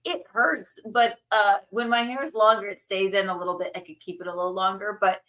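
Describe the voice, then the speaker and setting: A woman's voice: medium pitch, steady tone, fairly quick, a bit bright. Playful woman telling stories in casual chat. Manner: playful storyteller, riffs on jokes. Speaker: guest comedian. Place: hotel room.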